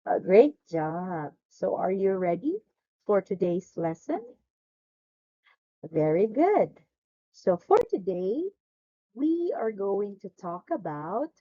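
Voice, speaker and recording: A woman teaching an online English lesson to a young child, talking slowly and clearly with lots of encouraging praise, over a video call mic. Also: mid-range voice, very animated, narrow, tinny audio.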